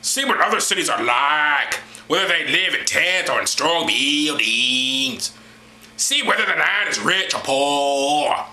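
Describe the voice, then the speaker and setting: Moses, a solemn biblical prophet, declaims his orders slowly and grandly, as a man puts on the voice. The voice sits a little higher than a plain man's, with a bright edge. It was recorded in an echoey room with a faint hiss. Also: animated, full character voice. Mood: solemn commanding.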